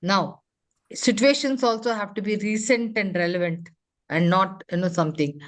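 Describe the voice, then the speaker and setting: A woman trainer leads an interactive class at an ordinary middle pitch. She keeps throwing quick questions at her listeners and checks in with "huh?" and "you know" as she explains. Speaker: corporate trainer.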